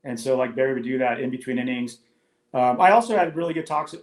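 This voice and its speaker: A man's voice: mid-range voice, fast talker. Man telling ballpark stories, echoey room. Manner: rambling, anecdotal, with many restarts. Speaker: former ballplayer guest. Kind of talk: casual storytelling chat.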